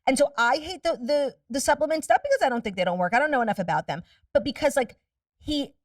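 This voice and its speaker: A woman's voice: high-pitched, lively intonation, dry recording, studio quality, distant mic. A woman guest chatting casually on a podcast, candid and profane, telling stories in a rush. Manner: candid, profane, rapid storytelling.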